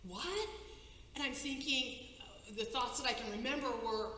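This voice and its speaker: A woman giving a personal testimony on stage, telling a dramatic story with halting restarts and breathless pacing. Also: high-pitched, animated, bright, forceful tone. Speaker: conference speaker. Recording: echoey hall, faint noise.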